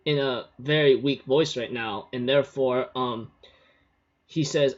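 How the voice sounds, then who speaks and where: A man's voice: medium pitch, steady tone, a little slow. A man casually recapping a story in a rambling way, full of fillers, on a dull lo-fi recording.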